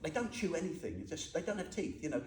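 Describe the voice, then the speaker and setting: A fast-talking man with a fairly high, sing-song, darkish voice gives a group an informal Buddhist dharma talk. Chatty and joking, he keeps quizzing his audience, and the room is echoey with faint noise.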